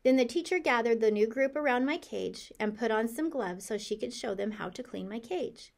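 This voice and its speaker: Woman, children's audiobook reader, lively hamster-narrator voice, slightly high. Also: normal speed, gravelly. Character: cheerful curious hamster narrator. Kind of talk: storybook narration.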